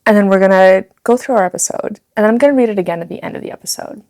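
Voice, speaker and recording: A woman co-hosting a podcast in a relaxed, conversational way. Her voice sits at an ordinary middle pitch, and she talks easily, as if to a friend across the table. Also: rapid-fire. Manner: giggly, keeps breaking into laughter while reading. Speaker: podcast co-host. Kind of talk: casual podcast chat.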